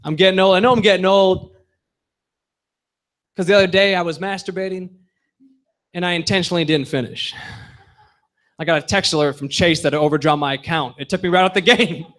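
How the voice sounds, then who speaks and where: A young man doing a stand-up comedy set on a bar stage, with punchy deadpan delivery that drops low for asides. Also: brisk, long pauses.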